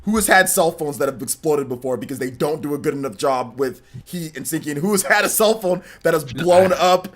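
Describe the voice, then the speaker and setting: Insistent gaming podcast host, slightly high. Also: male voice, animated, brisk, hardly any pauses. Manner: argumentative, talks over others, explains insistently. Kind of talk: casual gaming podcast chat.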